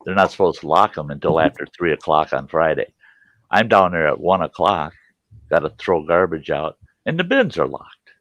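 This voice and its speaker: A man's voice: rumbling low, very animated, normal speed, a bit bright, no room sound. A middle-aged man telling a salty, folksy story to his livestream chat, laughing often. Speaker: livestream host. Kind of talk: casual storytelling to a live chat.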